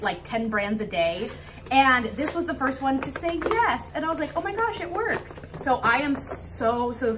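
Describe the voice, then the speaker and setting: A young woman vlogging casually to camera, bubbly and gushing with excitement. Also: fairly high pitch, recorded from a distance, slight background noise. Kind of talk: casual vlog talk to camera.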